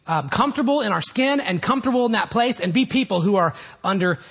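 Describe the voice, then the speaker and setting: A man preaching a sermon as pastor, animated and rising to loud shouts at times. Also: sits high, fast talker, breathy edge.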